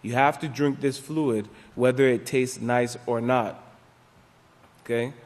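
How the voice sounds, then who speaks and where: A man reading out a news report to a religious class and explaining it, halting and repeating himself with many fillers. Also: mid-range voice, fairly even intonation. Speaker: class teacher. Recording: reverberant hall, voice at times off-mic.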